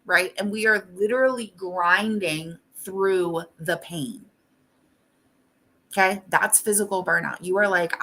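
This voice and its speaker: A woman life coach talks to her listeners in a loose, candid way, dropping swear words and tagging her points with "right?" Her voice sits at an ordinary pitch but sounds bright and forward. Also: a little slow. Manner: casual and blunt, swears freely, asks "right?" after most points. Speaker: life coach and show host. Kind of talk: casual coaching talk.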